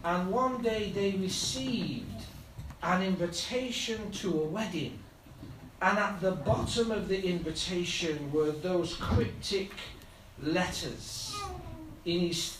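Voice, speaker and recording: A man with a high voice preaches at an unhurried pace, leaning into fervent, repeated appeals. He is heard from some distance through a microphone in a church hall, with the room's echo around his words and faint ambience behind. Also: fairly bright tone, a little hiss or hum. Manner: slow, building to fervent appeals. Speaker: pastor. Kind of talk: sermon.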